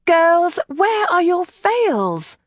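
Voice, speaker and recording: A woman reading an audiobook, voicing a gentle, earnest young gentlewoman who chides softly. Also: a little high, expressive, normal speed, no room sound, studio quality, pitched above the performer's own voice.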